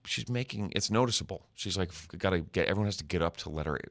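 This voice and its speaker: A comedian telling animated stories in a casual chat, laughing often. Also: male voice, low voice, fast talker, no echo. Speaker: comedian guest.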